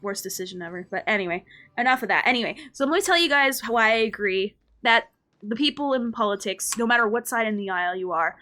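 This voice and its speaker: A woman's voice: a little high, animated, quick pace, sharp tone. A woman VTuber streamer in casual live-stream chat, ranting in a slangy way and reading her chat aloud. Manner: slangy, says "bruh" often.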